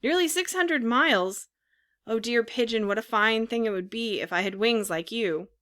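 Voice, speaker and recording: A woman's voice: on the high side, moderate pace, fairly bright tone, no room sound, studio quality, natural voice. A woman voicing a grieving, impulsive wooden puppet boy who wails and pleads. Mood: eager. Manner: wailing, pleading.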